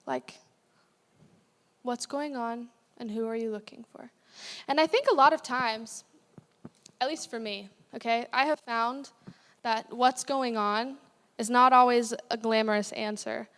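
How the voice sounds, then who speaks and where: A young woman with a slightly high voice gives a sermon in a church, talking plainly and candidly and breaking off into asides. Her voice rings out in a long, hall-like reverb. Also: steady tone, a little slow, a bit bright. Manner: candid, conversational preaching with asides and self-corrections. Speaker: guest speaker. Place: church sanctuary.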